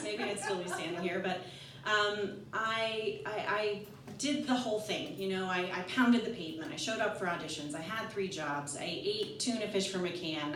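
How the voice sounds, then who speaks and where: A woman's voice: lowish voice, noisy background. A woman in her forties telling a personal story on stage, candid and self-mocking with nervous laughs. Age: 40s. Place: live storytelling event venue. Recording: echoey room, voice from far off.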